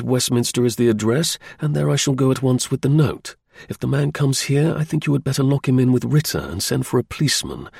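A man voicing a calm, stern male detective who gives firm, measured orders in an audiobook reading. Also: medium pitch, creaky, slightly rough, no echo, clean studio sound.

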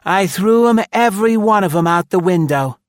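A man voicing a sharp-tongued, shrewish society woman in an audiobook, with a crisp, sarcastic manner. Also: medium pitch, unhurried, dry recording, studio quality, voice pushed up, close to an everyday voice. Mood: acid. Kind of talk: audiobook character voice.

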